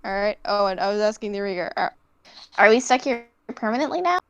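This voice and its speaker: Clear-voiced teasing female player. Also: mid-range voice, lively intonation, fairly bright tone, highs cut off. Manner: teasing, quick questions, swears. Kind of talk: casual game chat. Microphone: online voice call.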